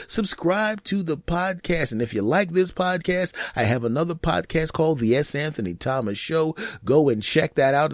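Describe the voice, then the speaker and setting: A man hosting his own comedic podcast, telling stories in an animated way and laughing at his own jokes. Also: on the high side, no room sound. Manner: animated storytelling with laughs and mock voices. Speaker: podcast host. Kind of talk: solo comedic podcast monologue.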